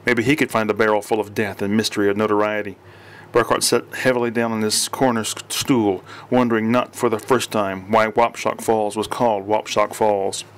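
A man narrating an audiobook with steady reading and occasional slips and restarts. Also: on the low side, normal speed.

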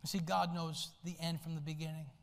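A male pastor preaching a sermon, swinging from soft low asides to loud shouted lines. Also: flat delivery, fairly quick, creaky. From United States. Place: church sanctuary. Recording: long hall reverb in a church.

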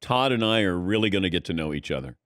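A man's voice: low-pitched, animated, fast talker, fairly bright tone, no room sound, clean studio sound. A man hosting a radio show, bantering in a casual, teasing way and laughing often.

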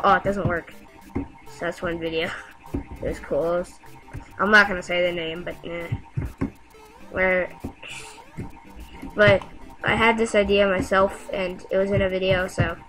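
A woman giving casual gameplay commentary, excitable and talking back to the game with frequent yelps and exclamations. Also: mid-range voice, poor audio. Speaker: gamer.

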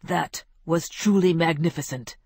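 A woman's voice: sits low, a little slow, a little mellow, slightly rough, dry recording, clean studio sound, full character voice. A woman voicing an eloquent, grandiose male biographer who speaks in flowery, effusive phrases.

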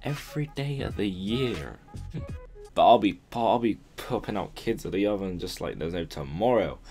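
A man's voice: lowish voice, lively intonation, normal speed, a little mellow, soft background music. A young man answering viewer questions in a casual vlog at his mother's home, rambling and joking, swearing and laughing often. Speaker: YouTuber.

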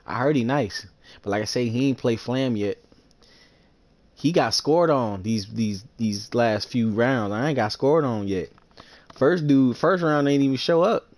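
A man's voice: darkish tone, no room sound. A young man casually commentating while he plays a sports video game, boastful and full of slang, talking smack about his opponents. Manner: trash-talking, boastful, slangy, breaks into falsetto singing. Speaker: gaming streamer.

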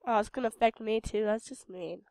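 A woman's voice: fairly high pitch, fairly quick, a little mellow, dry recording, studio quality. A tired young woman from Idaho with a Western American accent, rambling through casual gameplay commentary and talking back at the characters on screen. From Idaho, United States. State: tired and a bit sick. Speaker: game video host.

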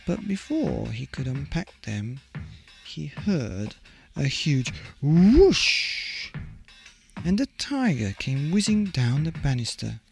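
A man reading a bedtime story aloud in a gentle, expressive, unhurried way. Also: on the high side, vocal fry, faint music behind.

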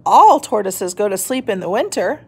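A woman's voice: medium pitch, sing-song, moderate pace, husky. Woman doing a sleepy grumpy old father tortoise. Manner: yawning, scoffing.

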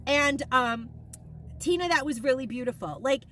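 A woman in a casual shopping haul vlog, gushing and rambling with excitement, emotional and near tears at times. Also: high-pitched, moderate pace, a little hiss or hum. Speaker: haul vlogger.

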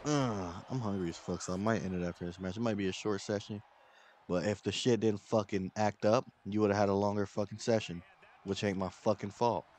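A man's voice: lowish voice, steady tone, a little fast, darkish tone. A man giving casual, profane gameplay commentary, grumbling and irritated as he plays. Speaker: gaming streamer.

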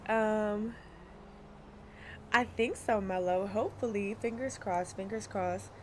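A young woman chats to her stream at a middle pitch, easygoing and talkative. She laughs often and calls out viewers by name. A faint hum of noise sits behind her desk mic. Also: slow, a little mellow. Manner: chatty, laughs often, greets chat by name. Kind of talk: casual livestream chat.

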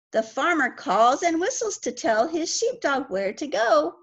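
A woman's voice: high voice, sing-song, measured pace, vocal fry, few pauses, a bit bright. Sing-song woman reading to children. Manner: sing-song, making animal sounds. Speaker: storytime reader. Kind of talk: children's storytime read-aloud. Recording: muffled lo-fi recording.

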